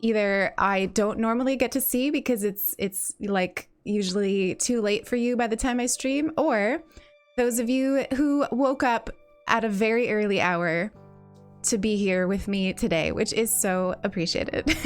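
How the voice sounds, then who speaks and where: A woman's voice: medium pitch, unhurried, smooth, faint music behind. A woman hosting a livestream in casual chat. She greets viewers in a bubbly way, repeats her phrases and laughs often, and has a slight morning cough. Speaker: livestream host.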